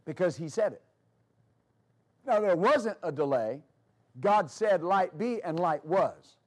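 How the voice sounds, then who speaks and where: A high-voiced man delivers a sermon as a pastor. He repeats key phrases for emphasis and slips into storytelling with fillers. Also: animated, takes it slowly. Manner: preaching with emphatic repetition.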